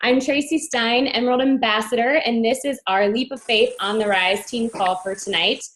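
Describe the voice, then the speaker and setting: A woman with a slightly high voice opens a team video call. She introduces her guest in an upbeat, gushing way. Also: steady tone, moderate pace, a bit bright, poor audio. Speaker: host.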